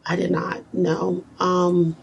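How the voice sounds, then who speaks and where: A woman's voice: fairly low pitch, completely flat delivery, slow, creaky, slightly rough, highs cut off. A woman guest in a casual interview, telling her story earnestly and with feeling. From United States.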